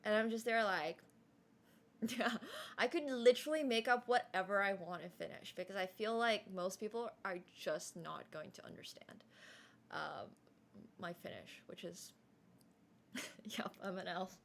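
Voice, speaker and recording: A young woman streamer chatting casually, candid and quick to laugh, swearing freely, English not her first language. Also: medium pitch, gravelly, fairly bright tone.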